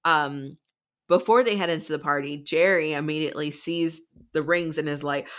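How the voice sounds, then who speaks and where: A woman with a notably low voice retells a story in loose, chatty podcast fashion. Her recap wanders, full of "like" and "um" as she pieces events together. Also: steady tone, normal speed, a bit bright. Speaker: podcast co-host. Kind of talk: casual book-recap chat.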